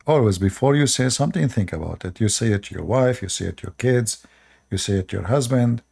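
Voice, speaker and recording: Husky, gravelly man lecturing viewers. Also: on the low side, lively intonation, fairly quick, darkish tone. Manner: lecturing, rhetorical questions, repeats short commands; non-native English grammar. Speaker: online channel host. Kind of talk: preachy advice monologue to viewers.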